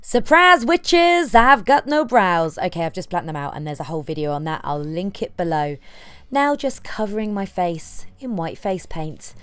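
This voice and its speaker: A woman's voice: sits low, normal speed, a little mellow, smooth. Chatty woman giving a makeup tutorial. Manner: chatty, giggly, self-mocking. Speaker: makeup artist.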